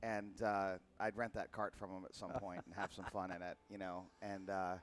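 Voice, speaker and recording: A man's voice: sits low, level tone, moderate pace, slight background noise. A man who races karts, chatting casually in an interview and trailing through fillers and restarts. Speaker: kart racer guest.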